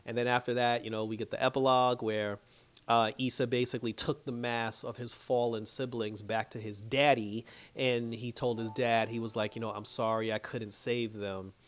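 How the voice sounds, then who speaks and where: A TV show reviewer with a medium-pitched, flat voice at normal speed gives a casual, slangy episode recap. His loose, chatty retelling is full of "like" and "you know," and he laughs often.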